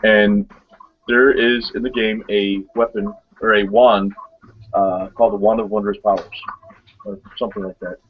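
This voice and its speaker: Man, husky, rambling, casual webcast chat, muffled lo-fi audio. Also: fairly low pitch, flat delivery, moderate pace. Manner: rambling storyteller, laughs often. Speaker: co-host.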